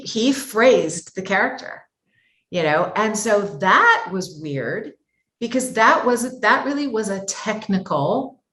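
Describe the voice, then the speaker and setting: A woman's voice: fairly low pitch, a bit bright, echoey room. A woman voice actor talking as an interview guest, thoughtful and circling back with many asides. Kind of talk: conversational interview talk.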